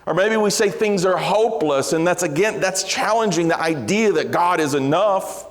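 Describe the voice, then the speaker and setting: Conversational preacher in a reverberant church. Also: male voice, sits high, normal speed. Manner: earnest, conversational with self-deprecating humor. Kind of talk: sermon. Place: large church sanctuary. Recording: long hall reverb.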